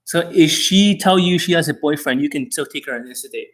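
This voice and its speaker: A man's voice: fairly high pitch, fast talker. A man coaching on a live stream, answering viewer questions in a blunt, profane, brash way. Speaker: dating coach.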